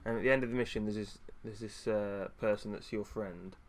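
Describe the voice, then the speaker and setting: Guy streaming and ranting, kinda low voice, lots of ums and restarts. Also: steady tone, a little fast. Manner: ranting, frustrated, many fillers and restarts. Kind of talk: casual chat.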